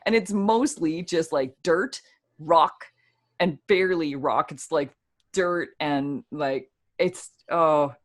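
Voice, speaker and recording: A woman hosting a show, telling a personal hiking story in a casual, animated way, laughing as she goes. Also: low-pitched, slow pace. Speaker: show host.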